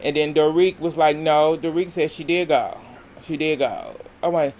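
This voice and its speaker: A man's voice: on the high side, fairly even intonation, moderate pace, darkish tone, a little hiss or hum. A man giving a casual episode recap as a reality TV reviewer, rambling along with many hesitations and restarts.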